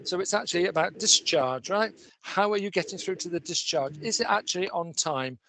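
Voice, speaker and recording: A man's voice: sits high, lively intonation, brisk, gravelly, pushed and bright. A man on a conference panel who rambles and fires off pointed questions. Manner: probing, full of questions, rambling. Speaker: patient representative panelist.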